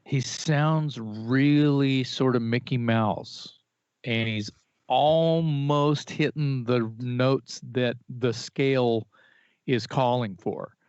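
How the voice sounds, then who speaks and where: A man co-hosting a podcast, talking about music in casual chat with strong opinions and lively restarts. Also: mid-range voice, slow pace, clean tone, dry recording. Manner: opinionated, animated, with restarts and fillers. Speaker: podcast co-host. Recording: dry, slightly dull podcast audio.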